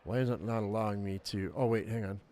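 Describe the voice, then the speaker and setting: A man's voice: on the low side, fairly even intonation, fast, a little mellow. A man giving casual gameplay commentary as a gaming YouTuber, rambling and thinking aloud with lots of fillers and restarts.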